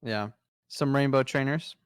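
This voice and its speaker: A man's voice: medium pitch, measured pace, clear, resonant tone, no room sound, studio quality. A young man co-hosting a casual podcast, enthusiastically running through a list of trading cards. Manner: enthusiastic, rattles off card lists. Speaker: podcast co-host presenting trading card news.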